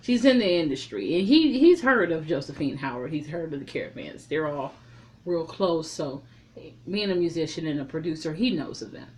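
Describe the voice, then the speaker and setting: A woman casually recapping and reviewing a film, blunt and profane, telling the story with lively opinions. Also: low-pitched, moderate pace.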